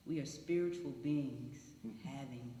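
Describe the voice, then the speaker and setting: A woman's voice: very deep voice, measured pace, warm tone, a little hiss or hum. Upbeat woman in echoey hall. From Atlanta, USA. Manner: upbeat, proud, chatty. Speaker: scientist panelist. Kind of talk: panel self-introduction. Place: church hall. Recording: echoey hall, faint room ambience.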